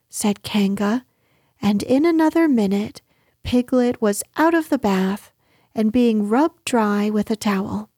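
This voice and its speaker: A woman narrating a children's storybook in a gentle, unhurried manner. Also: medium pitch, slightly rough, no room sound, studio quality. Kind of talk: storybook reading.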